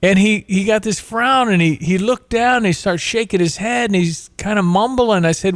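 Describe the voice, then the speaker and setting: A man's voice: sits high, normal speed, few pauses, no echo, clean studio sound. A man hosting a talk show, telling a story in an earnest, emphatic way and drawing moral lessons from it.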